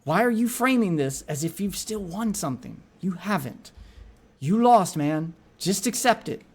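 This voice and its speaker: A man's voice: high-pitched, animated, a little slow, husky. A man streaming a reaction to a video, talking casually and with exasperation, often repeating words as he gets heated.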